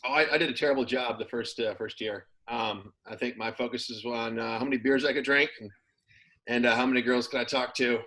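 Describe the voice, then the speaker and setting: A man talks in a relaxed, meandering way as an interview guest, leaning on plenty of fillers. His pitch sits in the middle range, and he keeps an easygoing conversational pace. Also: fairly quick, low-quality recording. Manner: relaxed, rambling with many fillers. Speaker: former pro football player, guest. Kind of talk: casual interview.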